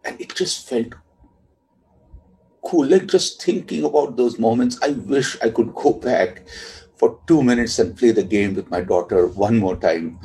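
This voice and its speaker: A father speaks softly and reflectively, his voice low and gravelly with a heavy, husky grain. The tone is dark and mellow, and at times it sinks nearly to a whisper. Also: unhurried, poor audio. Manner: soft, reflective, drops to near-whispers. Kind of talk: reflective personal storytelling.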